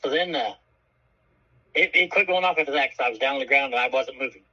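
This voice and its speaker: A man co-hosting a radio show tells a story with a bright, edgy, slightly husky voice, cursing freely and acting out each person he quotes. The broadcast sound is dull and muffled. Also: medium pitch, fast. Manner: animated, profane, acts out quoted voices. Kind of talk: casual storytelling chat.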